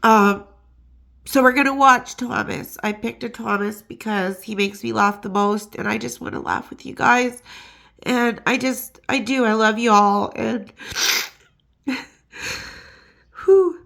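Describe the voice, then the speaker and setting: A woman's voice: on the high side, measured pace, vocal fry, pauses often, a bit bright. A woman hosting a gossip channel in casual chat, emotional and laughing often, with many fillers. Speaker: YouTube gossip host. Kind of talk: casual chat and rhyming poem reading.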